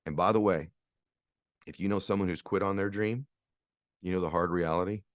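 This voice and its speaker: A man giving a motivational speech, earnest and repetitive, asking rhetorical questions and leaning slowly on key phrases. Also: deep voice, steady tone, dry recording, studio quality. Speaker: motivational speaker.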